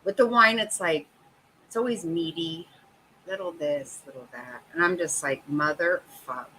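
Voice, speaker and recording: Brief: middle-aged woman host, bright voice, swearing, exasperated casual chat. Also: lowish voice, animated, moderate pace, slight background noise, rough recording. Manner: profane, exasperated, laughing often.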